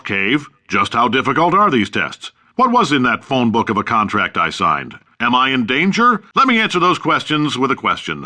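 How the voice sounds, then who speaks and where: A man with a mid-range, bright voice delivers his lines forcefully. He is an actor voicing a video game's brash, boastful middle-aged boss, the company's founder and CEO, who talks in a sarcastic salesman's patter.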